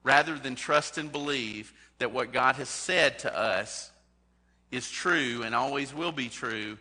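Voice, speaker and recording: A man's voice: medium pitch, unhurried, bright, forceful tone, husky. A man preaching a sermon as a pastor, talking in a conversational way and putting direct questions to his congregation. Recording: long hall reverb.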